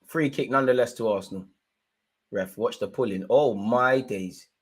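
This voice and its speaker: An animated young man calls a football match live for his viewers, full of street slang. He talks in a steady, mid-pitched voice that climbs into heated outbursts aimed at the referee. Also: normal speed, breathy edge. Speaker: live match watchalong host. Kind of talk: excitable live football commentary and reaction.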